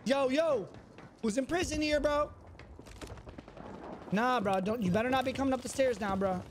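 High-voiced taunting male gamer. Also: normal speed, background noise. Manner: taunting, swaggering, repeats lines, mock-menacing. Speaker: streamer. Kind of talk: trash-talking gameplay commentary.

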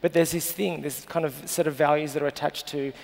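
This guest is an Australian journalist in his thirties, interviewed live on a festival stage and speaking with earnest emotion. His gravelly voice sits fairly high, his tone stays steady, and his pace is fairly quick. The hall adds a long reverb.

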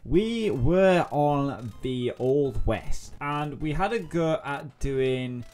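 A young adult man giving let's-play commentary, excitable and thinking aloud, often repeating himself as he plays. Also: mid-range voice, drawn-out words. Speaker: gaming YouTuber. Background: faint game music.

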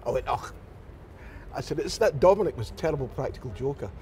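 At a quick pace and medium pitch, a Glasgow-accented Scottish actor recounts anecdotes during an interview, animatedly acting out the quoted lines of the people in them. There's a little hiss or hum on the recording.

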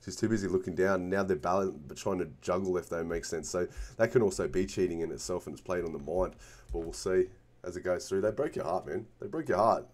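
A man's voice: sits low, fairly quick, darkish tone. Emphatic man giving a tarot reading. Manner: emphatic, keeps checking in with "okay?" and "man". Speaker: tarot reader. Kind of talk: casual tarot card reading.

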